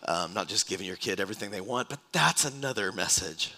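A man's voice: lowish voice, expressive, fast talker, pushed and bright, a little hiss or hum. A man, preaching a sermon as a pastor, telling stories animatedly with dramatic re-enactments and restarts in front of a congregation. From Texas. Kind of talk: sermon storytelling.

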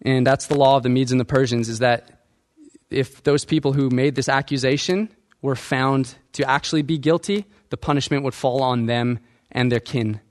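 A man's voice: mid-range voice, steady tone, normal speed. A male pastor preaching a sermon, asking the congregation questions and acting out quoted lines.

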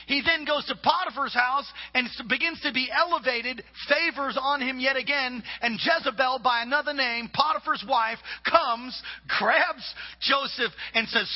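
A man preaching a sermon, reading scripture and building to loud shouted points. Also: very high voice, moderate pace, hardly any pauses. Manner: preaching with rising shouts and acted-out quotes. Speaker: pastor. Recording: echoey hall, dull lo-fi sound.

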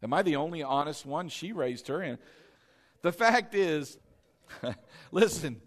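A male pastor delivers a sermon in a church sanctuary, leading the congregation in call-and-response and swinging between loud, emphatic peaks and soft, intimate asides. His voice is fairly high and animated, a little slow, with long pauses. The large hall echoes around him.

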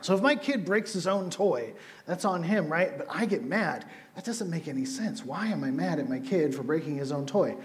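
High-voiced casual youth pastor. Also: male voice, moderate pace. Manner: casual, storytelling, animated asides. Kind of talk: sermon.

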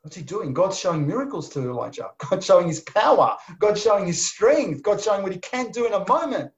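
A man preaching a sermon, swinging from emphatic bursts to soft, near-whispered lines. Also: sits high, sing-song, fairly quick. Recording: dull lo-fi sound.

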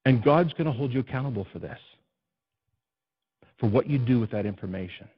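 A man preaching a sermon as pastor, swinging between hushed low passages and loud, soaring ones, often putting questions to the congregation. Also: animated, a little fast, long pauses, breathy edge, lo-fi sound. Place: church.

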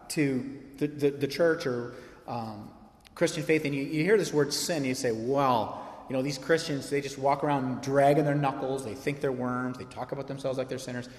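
Emphatic pastor preaching in an echoey hall. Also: male voice, a little high, darkish tone. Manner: conversational, emphatic preaching with rhetorical questions. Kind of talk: sermon. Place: church sanctuary.

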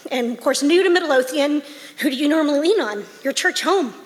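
A woman's voice: sits high, brisk. Emotional woman sharing a testimony in a church hall. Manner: emotional, heartfelt, casual. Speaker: church member giving testimony. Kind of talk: personal testimony.

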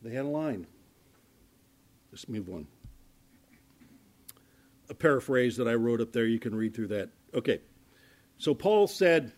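A man preaching as a pastor in a conversational Bible-teaching sermon. He restarts his words often and swings between loud emphasis and hushed asides. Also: medium pitch, lively intonation, a little slow, pauses often.

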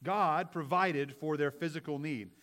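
A man's voice: on the high side, measured pace, a bit bright. A man preaching a sermon in a church, conversational, with many restarts and rhetorical questions. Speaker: pastor. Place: church sanctuary.

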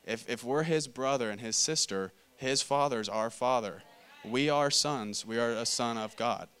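Conversational male preacher with a smooth voice. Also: mid-range voice, measured pace, fairly bright tone. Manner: conversational, repeats phrases, restarts. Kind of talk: casual sermon with scripture reading. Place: church meeting room.

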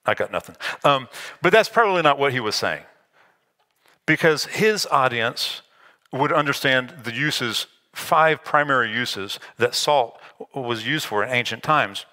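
A man's voice: medium pitch, animated, unhurried, bright, forceful tone. A man preaching a sermon, explaining scripture in a conversational way and slipping in self-deprecating asides. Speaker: pastor.

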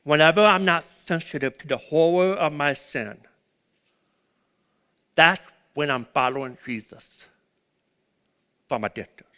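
A man preaching a sermon, swinging between loud urgent peaks and hushed low passages. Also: a little slow, long pauses, clear, resonant tone. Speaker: pastor.

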